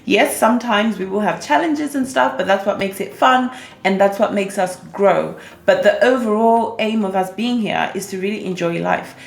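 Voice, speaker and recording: A young woman talks straight to camera as a coach, chatty and upbeat, tagging her points with quick check-ins. Her voice has a gravelly edge. The room rings with echo, and faint music sits underneath. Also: mid-range voice. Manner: chatty and upbeat, with frequent "okay?" and "right?" tags. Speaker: manifestation coach. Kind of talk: casual talk-to-camera advice vlog.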